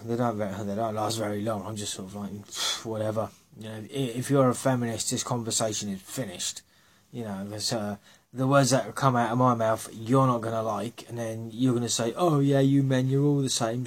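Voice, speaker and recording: A man with a husky voice, bluntly ranting his opinions in a casual monologue, scornful and sarcastic, swearing freely. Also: lowish voice.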